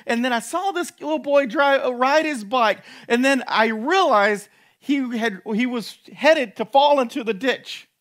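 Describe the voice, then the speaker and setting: A man's voice: very high voice, a little slow, a bit bright, voice pushed up. A man voicing a frightened, breathless wife. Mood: distressed, urgent. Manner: breathless, urgent retelling. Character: frightened soaked young wife.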